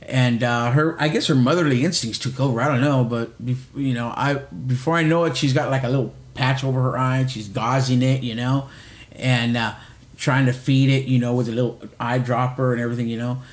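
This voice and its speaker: A man's voice: medium pitch, steady tone, a little fast, reverberant. A middle-aged man co-hosting a podcast, telling a long rambling story in casual chat with lots of restarts and swearing. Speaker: podcast co-host.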